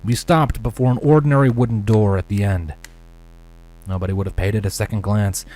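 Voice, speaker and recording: Deep-voiced man reading a story. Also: fairly even intonation. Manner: measured first-person narration, dropping to hushed whispers for dialogue. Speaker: narrator. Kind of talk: fanfiction audiobook reading.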